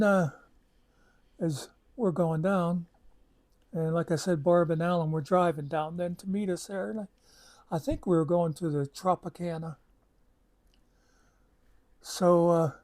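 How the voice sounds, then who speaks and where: A man's voice: sits high, mellow. Chatty man telling a story. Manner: rambling, chatty, with many asides and fillers. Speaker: channel host. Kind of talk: casual storytelling.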